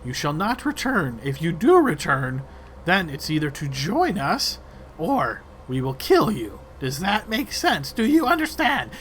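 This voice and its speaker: A man's voice: a little high, wildly swooping pitch, a little slow, fairly bright tone, a little hiss or hum, voice pushed up, exaggerated voice. A man voicing a menacing female wererat gang leader in a tabletop game, speaking in a taunting, threatening manner.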